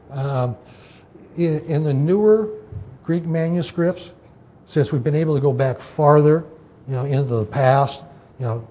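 A man's voice: medium pitch, dark tone. A man teaching an informal Bible study, explaining scripture in a loose way with many fillers and restarts.

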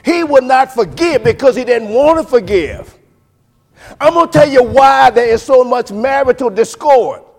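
A man with a high voice delivers a sermon in a rolling preacher's cadence. He drops to quiet, low asides, then lifts into loud, drawn-out emphasis, calling out to "folks" again and again. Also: lively intonation, gravelly. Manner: preaching cadence with sing-song rises and big swings in loudness; keeps addressing listeners as folks.

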